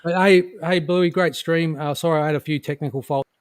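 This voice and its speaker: A man on an online call, rambling casually with lots of repeated words and trailing, quieter asides. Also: steady tone, fairly quick, smooth, dry recording. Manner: rambling, repeats words, drops his voice low. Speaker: guest on a crypto stream. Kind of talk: casual chat.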